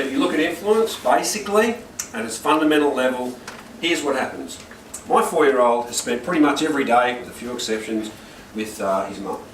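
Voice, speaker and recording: A man, a corporate trainer telling stories to a workshop audience and often checking for agreement. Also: mid-range voice. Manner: energetic storytelling, asks the room for agreement. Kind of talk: workshop talk to a live audience. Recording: roomy and distant, with noise.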